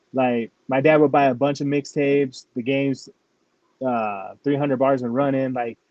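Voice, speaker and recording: A man's voice: medium pitch, a little mellow, no room sound, dull audio. A man, a rapper from New Mexico, telling stories in a casual interview, filling nearly every phrase with "like". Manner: rambling, fills with "like" constantly.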